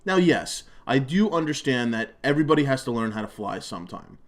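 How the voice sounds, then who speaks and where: A man's voice: mid-range voice, lively intonation, a little fast. A young man giving gameplay commentary, ranting and swearing a lot, often restarting his sentences. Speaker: gaming commentator. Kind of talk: profane gameplay commentary rant.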